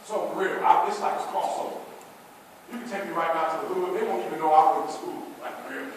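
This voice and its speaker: A man giving a motivational speech to students, preachy and direct, swinging between loud challenges and hushed asides. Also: high-pitched, lively intonation, fast talker, a little hiss or hum. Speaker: motivational speaker. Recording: echoey hall, mic from far off.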